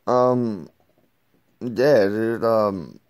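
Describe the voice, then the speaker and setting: A man's voice: fairly low pitch, extremely slow, a little mellow, clean tone. A man giving a casual, rambling comic book review, laid-back, swearing and saying "dude" a lot.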